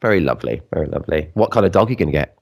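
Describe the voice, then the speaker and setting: Lively, swooping male podcast host. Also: a bass voice, creaky. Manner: encouraging, upbeat, quick to react. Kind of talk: casual interview chat.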